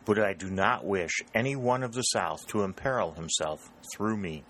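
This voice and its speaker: A man voicing a proud, pale young woman who is cool and guarded, in a measured, reserved way in a read-aloud story. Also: lowish voice, fairly bright tone, slight background noise, natural voice. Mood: agitated.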